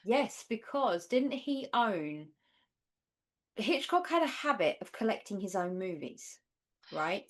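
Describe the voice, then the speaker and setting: A woman's voice: mid-range voice, sing-song, slow pace. A woman co-hosting a podcast from the north of England, chatting casually and rambling with many fillers. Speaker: podcast co-host. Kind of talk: casual chat.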